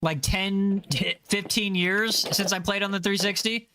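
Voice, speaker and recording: A young man in his twenties with an American accent, chatting casually with his livestream audience, slangy and full of quick self-corrections. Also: high voice, steady tone, sharp tone, a little hiss or hum. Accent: General American. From United States. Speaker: livestreamer reading chat.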